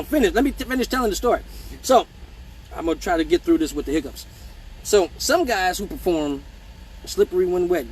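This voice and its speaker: High-voiced man telling a raunchy story. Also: a little hiss or hum. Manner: profane, rambling, joking asides to viewers. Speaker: male exotic dancer hosting a live Q&A show. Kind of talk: casual storytelling on a livestream.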